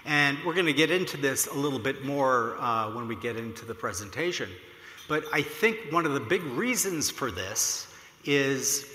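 A man giving a storytelling keynote talk from a podium, animated and peppered with "uh" fillers. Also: medium pitch. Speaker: keynote speaker. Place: large lecture hall at a podium. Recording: echoey reverberant hall.

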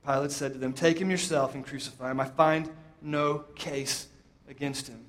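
A man with a fairly high voice preaches a sermon, retelling a scripture story. He lifts his voice for quoted lines and drops it soft for emphasis, with deliberate pauses. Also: fairly even intonation.

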